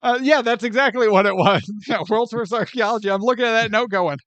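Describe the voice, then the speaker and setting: A man co-hosting a podcast, chatting casually about a movie in an animated, joking way. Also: high voice, brisk, no echo, muffled recording. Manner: animated and joking, often laughs and acts out scenes. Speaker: podcast co-host. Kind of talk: casual movie review chat.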